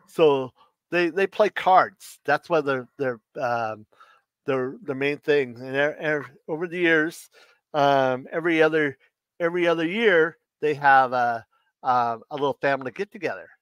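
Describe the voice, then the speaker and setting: A man hosting a casual livestream, chatting in a rambling, halting way with many restarts, who says Washington with an R in it. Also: fairly high pitch, a bit bright, clean tone, no room sound, muffled recording. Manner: puts an R in Washington. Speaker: livestream host.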